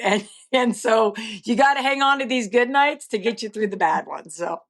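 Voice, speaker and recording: A woman's voice: on the high side, normal speed, creaky, few pauses. A woman guest in a podcast interview, talking in a casual, folksy way with lots of fillers. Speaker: guest, rodeo stock contractor. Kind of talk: conversational interview.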